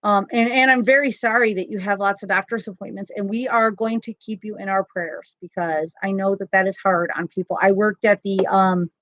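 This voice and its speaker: A woman with a medium-pitched voice hosts a casual crochet livestream indoors at home, chatting away and laughing often. There's no room sound, and the recording has a slightly dull lo-fi quality.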